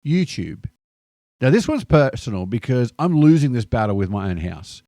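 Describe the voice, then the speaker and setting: Wry Australian man, lively voice-over. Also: medium pitch, brisk, no echo. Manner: wry, joking delivery. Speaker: vlogger. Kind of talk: scripted narration.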